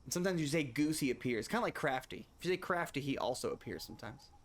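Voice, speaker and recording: A man streams a video game and talks casually to his viewers, rambling, restarting sentences, and tossing in asides. His medium-pitched voice is animated and moves at a quick pace. It's easygoing gameplay commentary.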